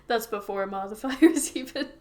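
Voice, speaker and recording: A woman's voice: mid-range voice, a little slow. A woman running a tabletop game as game master, laughing often as she narrates.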